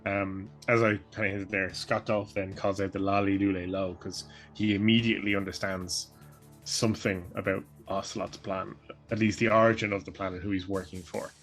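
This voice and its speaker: A man's voice: low voice, level tone, normal speed, fairly bright tone, soft background music. A male podcast co-host chatting casually, agreeing and adding plot details. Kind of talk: casual game retrospective chat.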